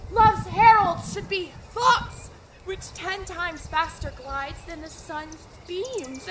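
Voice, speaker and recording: A woman playing a lovesick, impatient young girl in a live stage play pleads and presses in a very high voice. She speaks at an unhurried pace. Clear background noise sits behind her. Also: heavily acted. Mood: longing. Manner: pleading, insistent.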